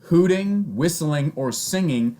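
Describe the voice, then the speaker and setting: A man's voice: on the high side, expressive, slow, mellow. A young man with a Canadian accent co-hosting a casual podcast, reading out strange laws and laughing often. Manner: giggly, reads out odd laws. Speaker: podcast co-host. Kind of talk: casual chat.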